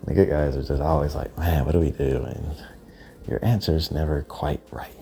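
In a rumbling low voice, a man hosting a podcast keeps a steady tone at normal speed through a rambling, profane monologue. Every so often he drops into breathy, hushed asides.

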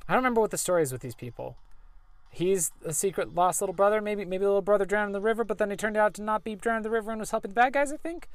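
Speaking at a racing pace in a mid-range voice with no room sound, a player narrates a story game. This chatty gameplay narrator describes the action and reads the characters' lines aloud, voicing them loosely.

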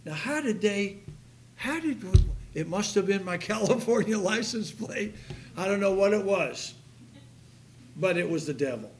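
A man preaching a sermon to his congregation, telling a story with animated delivery that rises to near-shouts. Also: sits high, a little slow, a little hiss or hum. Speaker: pastor. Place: church sanctuary.

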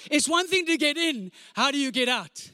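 A man in his forties, a pastor preaching with animated, comic storytelling, sound effects and repeated phrases. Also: extremely high pitch, normal speed, no echo, studio quality. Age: 40s. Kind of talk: storytelling sermon.

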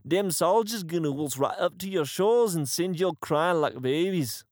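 A man doing a gruff, brash Scottish inventor. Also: on the high side, lively intonation, moderate pace, no room sound, clean studio sound, voice pushed up, natural voice. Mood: taunting. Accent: put-on Scottish.

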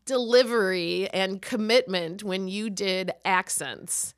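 A woman's voice: medium pitch, takes it slowly. A woman hosting a podcast, chatting casually and encouraging her guest. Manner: chatty, encouraging, laughs along. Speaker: podcast host. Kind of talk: casual interview.

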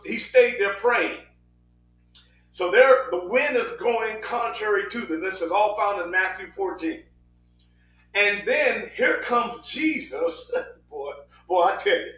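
High-voiced preacher in an echoey hall. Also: male voice, distant mic. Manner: animated preaching, sudden shouts and fast asides. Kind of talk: sermon.

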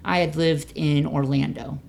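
A man's voice: a little high, fairly even intonation, vocal fry, darkish tone, slight background noise. A man from Long Island, New York, who speaks hesitantly in a casual interview chat. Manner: hesitant, halting.

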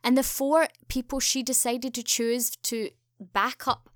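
A young woman, a guest on a podcast, tells a story in casual conversation at an unhurried pace. She's animated, raising her pitch to act out the quoted lines, and the studio-quality recording has no echo.

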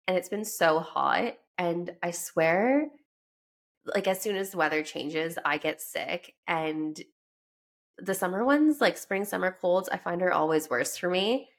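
A young woman with a Canadian accent talks through a head cold as she hosts her book podcast. Her voice sits a little low, and her talk is loose and chatty, full of laughs and tangents. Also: measured pace. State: sick with a cold. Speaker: podcast host. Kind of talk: casual podcast chat.

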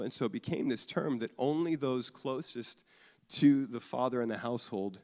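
Pastor preaching in a reverberant hall. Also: male voice, medium pitch, fairly quick, a little mellow. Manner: conversational, jokey, repeats and restarts often. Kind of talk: sermon. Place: church sanctuary.

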